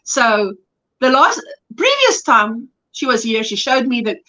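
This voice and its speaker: A woman's voice: a little high, very animated, unhurried, sharp tone, dull audio. A woman hosting a crochet livestream, chatting casually and affectionately greeting her viewers by name. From South Africa.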